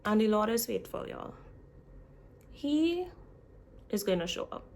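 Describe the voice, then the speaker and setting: A woman's voice: medium pitch, very animated, a little slow, slight background noise. A young woman vlogging in a casual, chatty way, speaking straight to her viewers. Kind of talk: casual chat.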